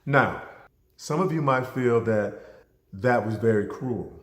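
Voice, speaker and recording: A man's voice: medium pitch, animated, a little slow. A man giving a motivational talk, speaking emphatically and addressing listeners directly, with stories woven in. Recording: echoey hall reverb.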